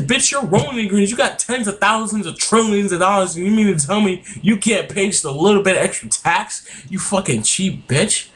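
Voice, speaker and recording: A man's voice: high-pitched, brisk, few pauses, a bit bright, slight background noise. A young man in a heated, profane political rant, recorded on a webcam at home. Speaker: vlogger. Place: home room.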